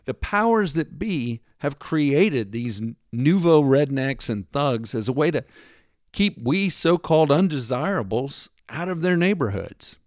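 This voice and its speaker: An American commentator with a fairly high, darkish voice delivers an emphatic, sarcastic opinion monologue at a measured pace, his pitch swinging widely. He lectures through rhetorical questions and mimics accents when quoting others. The studio-quality recording is dry, with no echo.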